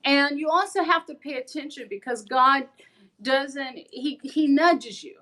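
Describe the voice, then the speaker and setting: A woman's voice: sits high, unhurried. A woman hosting her own show, talking to viewers in an earnest, encouraging way and acting out the stories she tells. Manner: animated storyteller acting out characters' lines. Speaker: host. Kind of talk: motivational monologue to viewers.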